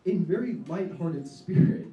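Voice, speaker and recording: Performing stand-up live in a diner, a young man rambles, jokes at his own expense, and says "um" often. His high voice has lively intonation but runs a little slow, and the lo-fi recording is distant and echoey with faint noise.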